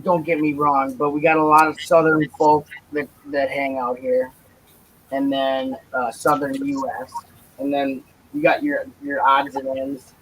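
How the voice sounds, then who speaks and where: A man's voice: medium pitch, little pitch movement, unhurried, fairly bright tone, a little hiss or hum, rough recording. A man hosting a live building stream in casual, rambling chat, often correcting himself mid-sentence. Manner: rambling, chatty, self-correcting.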